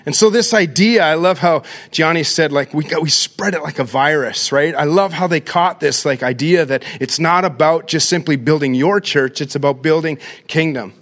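Energetic pastor preaching. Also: male voice, fairly high pitch, normal speed, few pauses. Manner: energetic storytelling, addresses crowd as "guys". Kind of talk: church conference talk.

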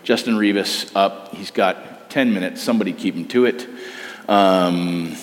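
A man's voice: low-pitched, measured pace. A man preaching a sermon at a camp, urging his listeners with earnest, repeated phrases. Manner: earnest, repetitive exhortation. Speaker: camp speaker. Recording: long hall reverb.

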